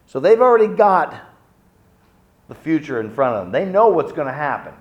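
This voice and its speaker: A middle-aged man preaching a sermon, telling stories dramatically and acting out the quotes with big swings in loudness. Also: fairly high pitch, very animated, moderate pace, lo-fi sound. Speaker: pastor.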